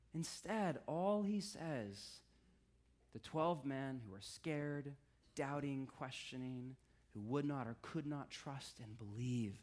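A man preaching a sermon in a conversational style, with wry asides, often dropping his voice low for emphasis. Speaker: pastor.

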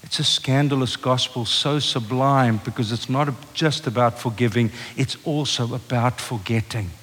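A man's voice: medium pitch, normal speed, breathy edge. Passionate preacher man in a reverberant hall. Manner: passionate, swings from loud preaching to hushed storytelling. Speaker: pastor. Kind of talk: sermon. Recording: long reverb of a large hall.

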